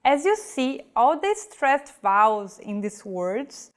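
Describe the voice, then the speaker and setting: Slow, careful woman teaching pronunciation. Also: a little high, big pitch swings. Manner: slow, carefully enunciated example words. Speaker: language teacher. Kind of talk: scripted language lesson.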